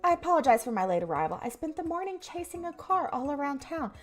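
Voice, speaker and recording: A woman's voice: high voice, sing-song, fast talker, faint music behind, pitched above the performer's own voice. A woman voicing a tiny fussy dog professor. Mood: flustered. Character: panting little dog professor, fussy and polite.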